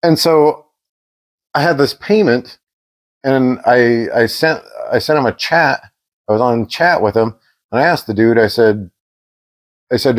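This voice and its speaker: A man co-hosting a podcast, chatting casually and telling an animated story, acting out the quoted exchanges. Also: mid-range voice, normal speed, long pauses. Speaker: podcast co-host.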